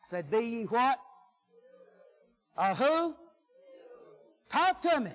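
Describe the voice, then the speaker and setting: Folksy preacher man, high voice. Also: animated, a little slow, pauses often, poor audio. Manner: folksy, emphatic, swings from loud to hushed. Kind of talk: sermon.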